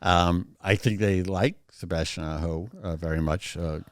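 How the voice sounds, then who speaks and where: A man's voice: deep voice, steady tone, moderate pace, no echo. A man co-hosting a sports talk show, opinionated and talking in bursts with frequent restarts. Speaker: podcast co-host. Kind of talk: casual sports chat.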